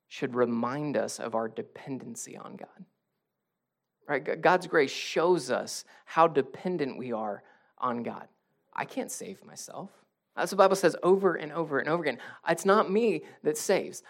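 Youngish guy pastor preaching, chatty and animated, gets quiet then loud again. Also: mid-range voice. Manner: conversational and animated, with rising intensity and hushed moments. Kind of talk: sermon.

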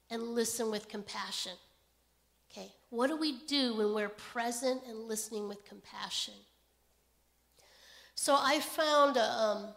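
A woman delivers a sermon at a slow, deliberate pace. Her voice sits somewhat high. She speaks gently and keeps checking in with her listeners. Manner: gentle, unhurried, pauses often with "okay?". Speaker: pastor.

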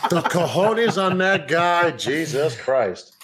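A man's voice: fairly high pitch, lively intonation, slow, noisy background. A man co-hosting a casual movie-review podcast, speaking bluntly and swearing freely. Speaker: podcast co-host.

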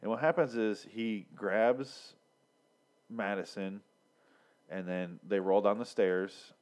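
A man's voice: on the low side, slow, darkish tone. A young man casually recapping a TV episode, rambling and sarcastic with lots of swearing and filler words. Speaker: podcast host reviewing a TV episode.

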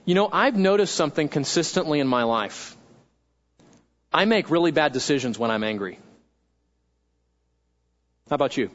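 Male pastor with a high voice, preaching conversationally, on a dull lo-fi recording. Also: expressive, moderate pace, long pauses. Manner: conversational, asks the congregation questions. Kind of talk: sermon.

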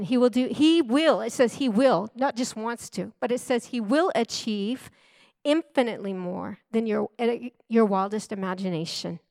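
A woman's voice: fairly high pitch, no echo. A middle-aged woman preaching a sermon in an earnest, emphatic way, repeating key phrases for stress.

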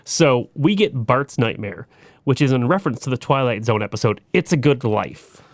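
A man's voice: medium pitch, lively intonation, normal speed, dry recording, studio quality. A man co-hosting a podcast in a casual, easygoing way, adding trivia and references. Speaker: podcast co-host. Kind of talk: casual chat.

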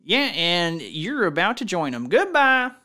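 A man playing a loud, excitable radio game show host in an improvised comedy sketch. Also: sits high, unhurried, background noise. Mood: showy. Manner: yelling, hammy announcer delivery.

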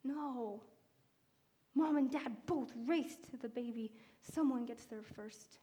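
Earnest woman preacher, slightly high voice. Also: slow, mellow. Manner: earnest, conversational, with fillers and restarts. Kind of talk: personal testimony sermon.

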